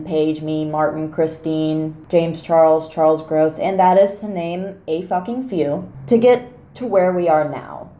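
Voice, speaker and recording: A woman speaks in a low, mellow voice, calm and firm as she delivers a pointed commentary. She talks in an echoey room. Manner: measured, firm, pointed, with swearing. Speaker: commentary YouTuber. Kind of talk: scripted commentary monologue.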